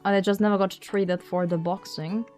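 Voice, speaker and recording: A woman streamer chatting casually during a game, talking slowly with lots of repeated words and giggles. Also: medium pitch, fairly even intonation, darkish tone, soft background music.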